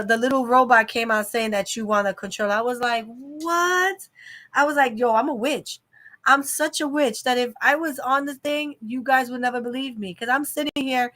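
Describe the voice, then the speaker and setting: Mom streaming from home, bright slightly high voice, animated storytelling, lots of exclaiming. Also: female voice. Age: adult mother of a young child. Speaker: livestream host. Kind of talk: casual chat on a livestream.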